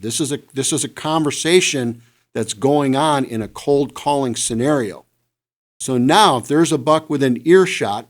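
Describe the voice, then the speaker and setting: A man on a podcast telling a hunting story in casual talk, animated and imitating deer calls now and then. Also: medium pitch. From Midwest United States. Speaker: podcast co-host, hunter.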